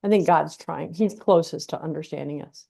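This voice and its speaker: A woman's voice: sits low, moderate pace, creaky, mellow, breathy edge. A woman hosting a casual interview, chatty and affirming as she responds to her guest. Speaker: podcast host.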